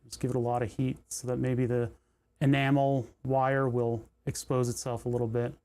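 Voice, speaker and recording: A man's voice: mid-range voice, little pitch movement, normal speed, mellow. A man hosting a livestream, chatting casually and thinking aloud with joking asides as he solders. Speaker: livestream host building electronics.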